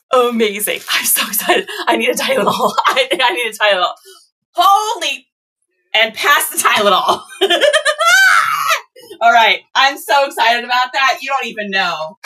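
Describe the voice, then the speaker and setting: A woman reseller chatting casually to viewers, gushing and excitable as she unboxes items. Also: on the high side, distant mic. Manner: gushing, excitable, squeals and laughs. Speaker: reseller vlogger.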